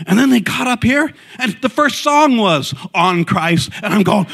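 A man sharing a fervent church testimony, his voice quiet and low at first, then rising to excited outbursts. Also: normal speed, gravelly, few pauses.

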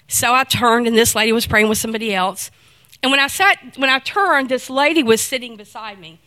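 A middle-aged woman shares a personal faith testimony with a fairly high voice. She tells it as an animated story and acts out the voices of the people in it. The recording is close and dry. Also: a little fast, no echo. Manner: animated storytelling, acting out quoted dialogue. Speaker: speaker giving a testimony.

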